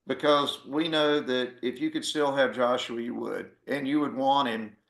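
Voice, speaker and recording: A man's voice: mid-range voice, steady tone, moderate pace, vocal fry, a bit bright, reverberant. A man, a former army officer and author, talking earnestly and with feeling in a conversation over a video call. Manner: earnest, heartfelt, voice catching with emotion.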